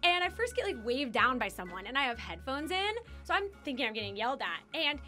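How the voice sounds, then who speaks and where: A woman's voice: sits high, very animated, fast talker, bright, forceful tone, faint music behind. A woman in her twenties on a radio show, telling a story in a giggly, chatty way with lots of "like". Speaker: radio show social media coordinator. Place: radio studio.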